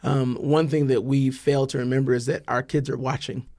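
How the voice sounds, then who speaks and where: A man's voice: mid-range voice, little pitch movement, a little mellow. Reflective podcast host, a man. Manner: measured and reflective, with frequent ums. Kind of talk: conversational interview.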